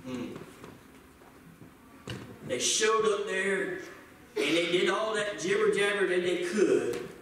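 A man preaches with a high, bright, ringing voice. He swings from loud preaching to quiet asides in a folksy way. He is caught from a distance in a very echoey church hall, with a faint hiss behind him. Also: lively intonation, takes it slowly, long pauses. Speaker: pastor. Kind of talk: sermon. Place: church sanctuary.

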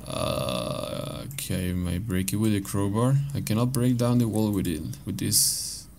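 A man's voice: fairly low pitch, lively intonation, measured pace, gravelly, darkish tone, slight background noise. A man commentating his own playthrough of a horror game, swearing a lot and reacting with startled outbursts. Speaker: gameplay commentator. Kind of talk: let's play commentary.

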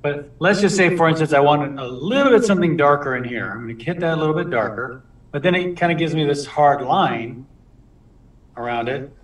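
A man's voice: on the high side, brisk, distant mic. A man leading a live watercolor lesson, talking casually with lots of restarts as he paints. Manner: relaxed, chatty, lots of restarts. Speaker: watercolor instructor. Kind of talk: live painting demonstration with chat. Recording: roomy sound from off mic.

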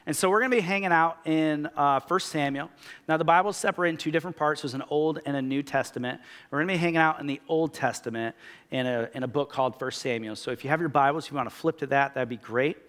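A man's voice: on the high side, fast. Man preaching in a reverberant church hall. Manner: casual, animated storytelling with many fillers. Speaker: pastor. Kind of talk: sermon. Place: church auditorium.

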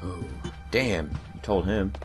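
Speaking slowly in a low voice, this young man co-hosts a let's play with game music playing underneath. He explains how the game works in laid-back commentary while poking fun at his partner.

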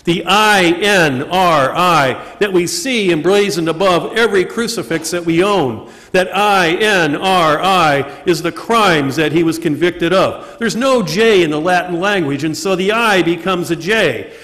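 Priest giving a sermon at mass, highish voice, asks questions then answers them, big church echo trailing. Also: male voice, fairly bright tone. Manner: rhetorical questions answered himself, slow emphatic stresses. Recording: long reverb of a church.

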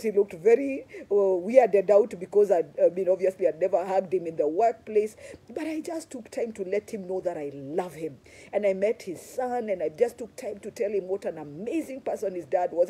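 Husky-voiced woman preaching. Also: low voice. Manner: impassioned, rising to loud emphatic peaks, then quiet and earnest. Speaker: apostle preaching. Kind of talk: sermon with personal stories.

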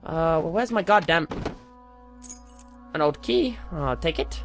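A man's voice: fairly high pitch, animated, slow pace, long pauses, soft background music. A young man playing a horror game and commentating with jokes, rambling and narrating every move he makes. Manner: jokey, rambling, narrates his own moves. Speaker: let's play gamer.

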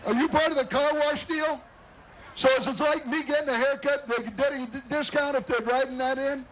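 High-voiced joking parade announcer man. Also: fairly even intonation, moderate pace, a bit bright, slight background noise, rough recording. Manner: jokey, bantering with passing entrants. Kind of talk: live parade commentary. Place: outdoors at a street parade.

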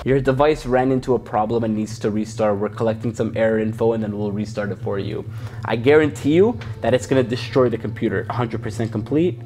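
A man's voice: on the low side, fairly quick, dark tone, soft background music. A man giving hyped, jokey commentary while running computer viruses on screen, yelping whenever something sudden happens. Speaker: YouTuber testing computer viruses. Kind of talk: casual screen-recorded commentary.

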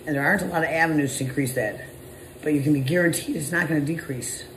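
Blunt, profane business owner in echoey room. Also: male voice, fairly high pitch, fast, fairly bright tone, slight background noise. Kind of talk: casual motivational monologue.

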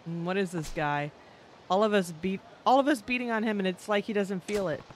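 A woman's voice: medium pitch, brisk, a little hiss or hum. A woman streamer chatting casually and poking fun at herself while playing a game, with game music behind. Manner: chatty, self-mocking, loud outbursts. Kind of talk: casual gameplay commentary.

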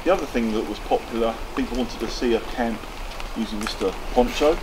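A man with an ordinary mid-range voice chats casually at a camp in the woods. He rambles and hesitates as he talks. Steady noise sits clearly under his voice. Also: mid-range voice, brisk. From United Kingdom. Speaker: fellow camper. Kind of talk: casual chat. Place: rainy woodland outdoors.

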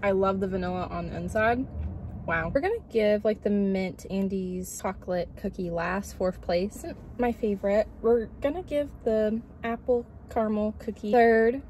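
A woman's voice: medium pitch, moderate pace, a little mellow, slight background noise. A young woman chatting casually as she reviews and tastes food, gushing with little hums and lots of "like". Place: outdoors near a road, cars passing.

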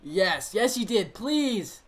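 A man's voice: fairly high pitch, normal speed. A young man streaming a baseball video game, commenting casually on his play and reacting to the game and his chat. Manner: excitable, talks to the game and chat, frustrated outbursts. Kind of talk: live gameplay commentary.

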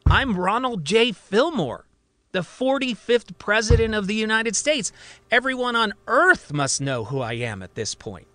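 A man's voice: high voice, big pitch swings, unhurried, no echo, pitched above the performer's own voice, heavily acted. A man doing an agitated, indignant patient. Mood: insistent. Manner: emphatic, near yelling. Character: agitated middle-aged male patient claiming presidency.

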